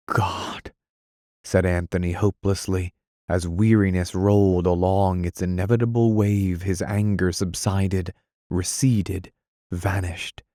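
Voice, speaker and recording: A man narrating an audiobook in a measured, dramatic reading style. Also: low voice, dark tone, dry recording, studio quality.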